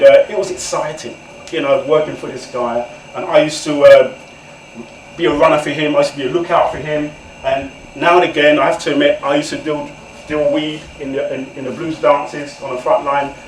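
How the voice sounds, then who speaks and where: A level-toned, slightly high male voice moves fairly quickly through a personal life story. He's an English guest author in his forties, speaking candidly and conversationally to an audience and often addressing them directly, recorded distantly in an echoey room with slight background noise.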